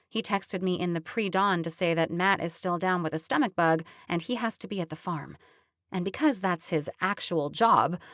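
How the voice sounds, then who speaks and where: A woman's voice: lowish voice, a bit bright, no room sound. Lady reading a rom-com audiobook, chatty, dry close mic. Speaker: audiobook narrator. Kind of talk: scripted first-person narration.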